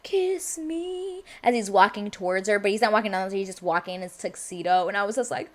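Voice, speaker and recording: A woman casually recapping and reviewing a movie, chatty and excitable, peppering her talk with "like" and acting out bits of dialogue. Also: medium pitch, rapid-fire. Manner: chatty and excitable, heavy use of "like" and quoted dialogue.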